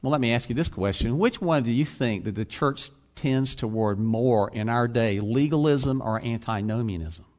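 With a mid-range, slightly mellow voice at normal speed and few pauses, this pastor and college teacher asks his congregation rhetorical questions and drives toward forceful points. The recording has a somewhat dull, lo-fi quality.

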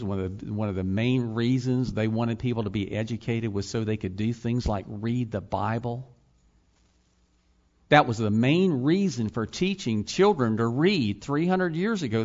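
A man's voice: medium pitch, darkish tone. Man preaching with rhetorical questions. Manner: rhetorical questions, rising to emphatic peaks. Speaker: pastor and college teacher. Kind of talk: sermon. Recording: slightly dull lo-fi sound.

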